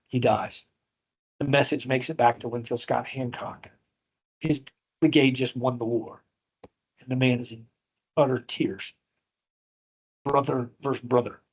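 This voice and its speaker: A man's voice: mid-range voice, slightly rough, rough recording. A man teaching a history class, telling a battle story with strong feeling and acting out the quotes. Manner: emotional storytelling, acts out quotes.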